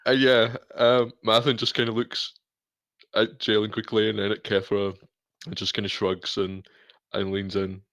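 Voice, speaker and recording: A man's voice: lowish voice, little pitch movement, moderate pace, a bit bright, dry recording. A man narrating his character's actions in a tabletop game, hesitant, with ums and uhs. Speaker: player.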